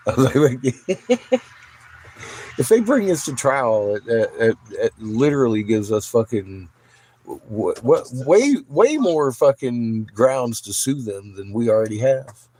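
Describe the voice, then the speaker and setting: A man's voice: mid-range voice, takes it slowly, low-quality recording. A man vlogger casually telling a story, swearing freely and laughing often as he acts out what others said. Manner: profane, laughs often, animated retelling.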